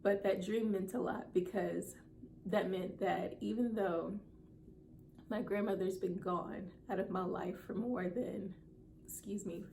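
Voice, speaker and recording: A woman's voice: medium pitch, steady tone, unhurried, vocal fry, warm tone, a little hiss or hum. A woman in her thirties, a content creator, telling a personal story to camera in a heartfelt, earnest way. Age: 30s.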